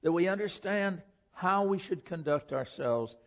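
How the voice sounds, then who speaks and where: A man's voice: high-pitched, expressive, a little slow. Preaching man, lo-fi church recording. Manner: earnest, rhetorical questions, varied emphasis. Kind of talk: sermon. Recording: lo-fi dull sound.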